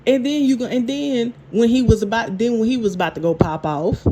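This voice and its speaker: Woman, casual TV recap, animated, quick laughs, faint background noise. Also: a little high. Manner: animated, laughing, repeats and restarts. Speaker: TV show reviewer.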